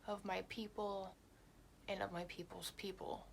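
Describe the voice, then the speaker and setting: A young woman vlogger tells a story in a blunt, animated way and swears freely. Her voice has a gravelly, fry-heavy texture. There is a faint hiss in the background. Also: mid-range voice, measured pace. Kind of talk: storytime vlog.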